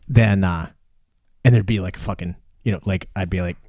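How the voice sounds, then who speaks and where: A man from southern Minnesota hosts a casual podcast with a low, gravelly, mellow voice. He rambles through profane stories and laughs often. The sound is close and dry. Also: fairly even intonation, fairly quick, no echo. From southern Minnesota, USA. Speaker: podcast host. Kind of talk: casual chat and storytelling.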